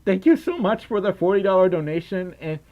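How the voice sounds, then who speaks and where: A man's voice: high voice, sing-song, a little fast, muffled recording. A young man casually chatting on a livestream and reading out donations in a rambling, giggly way. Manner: rambling, giggly, easily distracted. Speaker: streamer.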